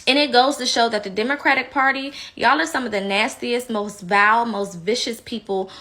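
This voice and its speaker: A woman's voice: a little high, brisk, sharp tone. A woman giving heated, blunt opinion commentary, indignant and outspoken. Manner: slips into mocking impressions.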